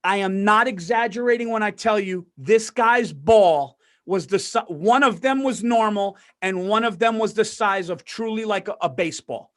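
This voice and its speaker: A man with a high-pitched voice tells a story on a podcast in a loud, animated way. He swears oaths that it is true and acts out the people in it. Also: moderate pace, hardly any pauses. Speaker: podcast co-host. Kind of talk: casual storytelling.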